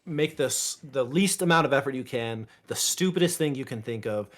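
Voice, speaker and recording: A man guest in a casual podcast chat, talking openly and getting animated as he tells stories. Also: medium pitch, moderate pace. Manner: open and animated, breaks into laughs and silly voices when telling stories. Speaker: interview guest.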